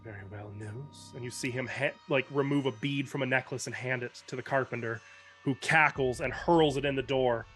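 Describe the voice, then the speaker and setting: Man narrating a dark tabletop scene. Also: medium pitch, steady tone, soft background music. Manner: measured, descriptive storytelling. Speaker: game master.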